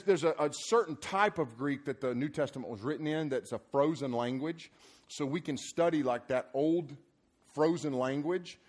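A man preaching a sermon, emphatic and rousing, then loose and joking in conversational asides. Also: mid-range voice. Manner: energetic and emphatic, rising into loud repeated punchlines. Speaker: preacher at a summer youth program.

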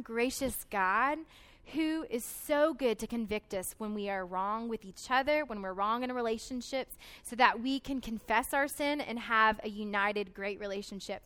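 A young woman shares her personal testimony from a conference stage. Her voice sits high and bright, and she speaks earnestly and emotionally, often pausing with "um" as she gathers herself. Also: smooth. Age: 20s. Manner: earnest, emotional, frequent "um" fillers.

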